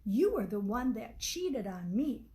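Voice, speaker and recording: Woman voicing a betrayed wife, pleading, gravelly, high-ish. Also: very animated, a little slow. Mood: hurt. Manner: pleading, rising to sharp.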